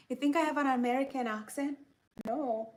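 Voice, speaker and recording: A woman's voice: high-pitched, unhurried, a little hiss or hum. A young woman from Kenya with a Kenyan accent, chatting casually and answering questions, with lots of restarts and "you know.".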